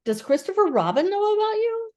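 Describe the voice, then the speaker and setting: A woman voicing a gentle, simple-minded male bear in a storybook reading. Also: very high-pitched, very animated, fairly quick, pitched above the performer's own voice.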